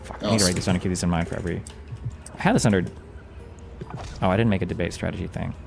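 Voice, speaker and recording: A man's voice: low voice, fairly even intonation, very fast, gravelly. Man, streamer, reacting off the cuff; rambling, self-mocking, swears freely, with faint music underneath. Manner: rambling, self-deprecating, profane. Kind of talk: casual commentary while gaming.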